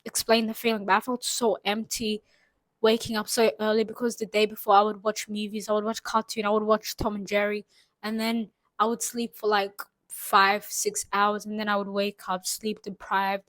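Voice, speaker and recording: A young Saudi Arabian woman vlogs straight to the camera, giving a casual motivational monologue that's earnest and rambling, packed with "like," "you know what I'm trying to say," and asides. Her mid-range voice is monotone, a bit bright, and at normal speed. The recording is rough and dry, with no room sound.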